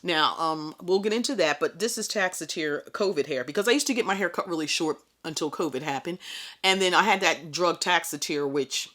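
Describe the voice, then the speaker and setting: A middle-aged woman speaking to her viewers in a relaxed, chatty way, with frank asides and humor. Her voice sits on the low side for a woman. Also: brisk. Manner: chatty, candid and animated, with asides. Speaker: vlogger. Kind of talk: casual personal storytelling.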